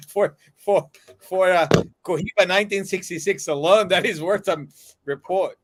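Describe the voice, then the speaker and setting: A man's voice: high voice, measured pace, a bit bright, dry recording. A man in his fifties, co-hosting a casual chat over a video call, boastful and swearing freely. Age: 50s. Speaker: co-host. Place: on the road, remote.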